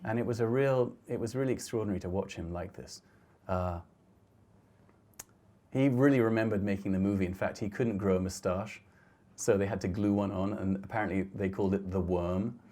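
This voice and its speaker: A middle-aged man with a low, mellow voice talks through his photographs in a lecture hall. He speaks gently and thoughtfully, often stopping to restart his sentences. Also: fairly quick. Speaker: photographer giving a talk. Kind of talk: reflective slide talk.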